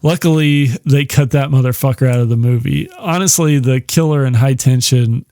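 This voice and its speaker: A man's voice: medium pitch, normal speed, warm tone, no room sound, clean studio sound. A man hosting a podcast, rambling casually and profanely through a film comparison, chuckling often and using lots of fillers. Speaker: podcast host.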